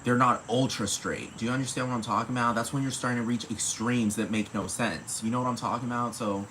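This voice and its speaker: On his solo podcast, a man rambles through casual, profane commentary, repeatedly asking "you know what I'm talking about." His medium-pitched voice is steady, fast and a bit bright, and the poor audio carries slight background noise.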